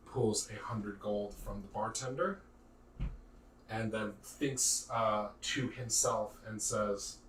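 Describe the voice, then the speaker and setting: Man, game master, lively casual narration, far from mic, faint noise. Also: mid-range voice, takes it slowly, echoey room. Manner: lively, casual, uses "like" fillers.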